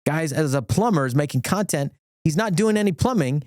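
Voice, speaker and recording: A middle-aged man, an attorney, chatting as a podcast guest, enthusiastic and rambling with quick restarts. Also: on the high side, lively intonation, a little mellow, no echo, studio quality. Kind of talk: casual podcast conversation.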